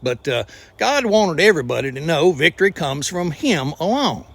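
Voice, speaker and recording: A man's voice: on the high side, sing-song, moderate pace, creaky, fairly bright tone, no echo. A man with a Southern US accent hosting a scripted comedic trivia show, folksy and exclamatory with punchy jokes. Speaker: host.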